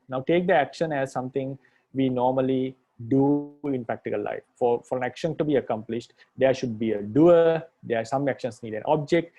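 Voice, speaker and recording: Mellow-voiced monk patiently teaching grammar. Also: male voice, medium pitch. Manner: patient, repetitive, restates points with "right?". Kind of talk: explanatory lecture.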